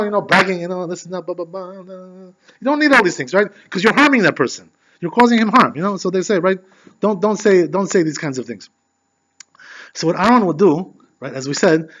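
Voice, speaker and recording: A man giving a conversational Torah class as a rabbi, animated and filling his talk with "you know". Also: sits high. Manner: peppers speech with "you know". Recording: dull lo-fi recording.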